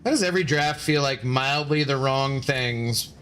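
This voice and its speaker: A man streams a game and chats casually with his viewers, reading their messages aloud and bantering sarcastically. His medium-pitched voice is a bit bright and moves at a moderate pace, with faint music in the background.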